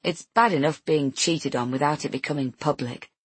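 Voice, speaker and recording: A woman's voice: low-pitched, moderate pace, husky, dry recording. A woman narrating a novel in first person, tense and introspective. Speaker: audiobook narrator.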